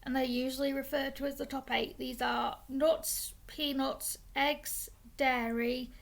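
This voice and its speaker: A young woman vlogger explains things casually and chattily in a high, gravelly-fry voice with a level tone, speaking a little slowly. She stumbles and restarts words now and then, and she has the hiccups.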